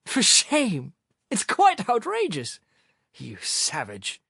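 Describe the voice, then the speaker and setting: A man's voice: high-pitched, huge pitch swings, slow pace, vocal fry, pushed and bright, slightly rough, no echo, clean studio sound, voice pushed up, heavily acted. A man doing an indignant old professor. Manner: indignant, severe. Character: stern older male professor, easily exasperated.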